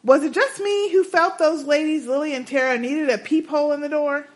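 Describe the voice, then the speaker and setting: A woman co-hosting a casual podcast, reading listener emails with sassy, animated asides. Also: high-pitched, brisk, slight background noise. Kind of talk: casual chat.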